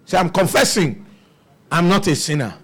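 Husky animated preacher man. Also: high voice, normal speed, faint music behind. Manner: animated preaching with rhetorical questions to the congregation. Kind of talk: sermon.

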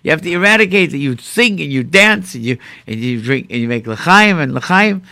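A man's voice: a little high, lively intonation, normal speed, gravelly, bright, forceful tone, no room sound, studio quality. A man telling stories in a casual conversation, acting out quoted speech and mixing in Hebrew and Yiddish terms.

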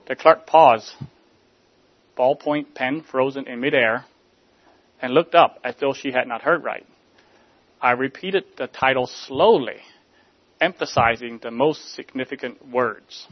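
Male preacher, mid-pitched voice, measured rhetorical delivery, slightly dull recording. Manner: measured, rhetorical, drops soft at line ends. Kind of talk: sermon.

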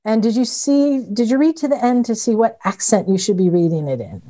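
A woman co-hosting a podcast in casual chat, lively and chatty. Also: on the high side, brisk. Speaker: podcast co-host.

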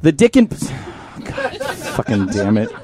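A man co-hosting a podcast, chatting casually in front of a live studio audience, profane and quick to shout and laugh. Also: fairly high pitch, wildly swooping pitch, a loud crowd. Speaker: podcast co-host. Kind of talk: casual comedic chat.

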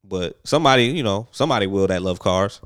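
A man's voice: lowish voice, animated, fast, fairly bright tone, clean tone, dry recording, clean studio sound. A man co-hosting a casual podcast chat, rambling and profane, full of fillers. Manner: laid-back, profane, rambling with many fillers. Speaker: podcast co-host.

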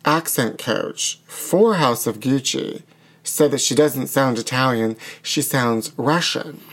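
A man's voice: mid-range voice, slow, fairly bright tone. A man hosting a talk show, chatting in a dramatic, gossipy way and calling people honey. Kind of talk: casual banter.

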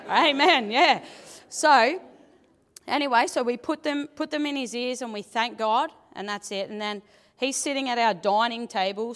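A woman sharing a testimony at church, chatty and animated, laughing often, speaking into a handheld microphone in a large auditorium. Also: mid-range voice. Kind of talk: testimony from the stage. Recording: long church hall reverb.

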